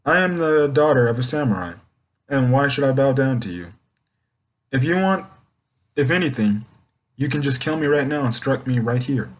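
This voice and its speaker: A defiant, proud young courtesan, as a man reads her lines in his ordinary voice. She refuses bluntly and flatly, with casual slang. The sound is near-everyday speech, hardly disguised. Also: medium pitch, moderate pace, pauses often, natural voice.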